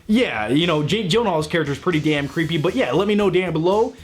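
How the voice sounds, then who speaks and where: A man talks through a movie review in a loose, chatty way, wandering off on tangents and dropping the odd swear word. His voice sits slightly higher than most men's, and he sounds openly enthusiastic about what he is describing. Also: animated, fast. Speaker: movie reviewer, channel host. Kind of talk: casual spoken movie review.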